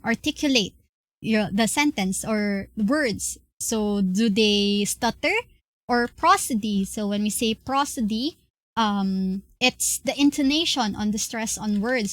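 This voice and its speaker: A young woman with a Filipino accent giving an online class lecture, explaining slowly with many fillers and restarts. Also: a little high, no echo. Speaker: class presenter.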